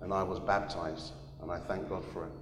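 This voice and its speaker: A man's voice: low voice, level tone, brisk, slight background noise. A man preaching a sermon, earnestly sharing his testimony and repeating phrases for emphasis. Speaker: pastor. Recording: echoey hall.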